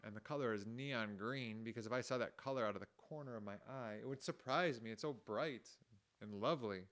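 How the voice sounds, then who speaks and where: Male music teacher, gentle and playful, acts out emotions for kids; guitar chords heard under the voice. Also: medium pitch, a little fast. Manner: gentle, acts out each emotion with exaggerated sighs and groans; chatty asides, thinks aloud. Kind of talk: children's lesson with guitar. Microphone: home recording mic.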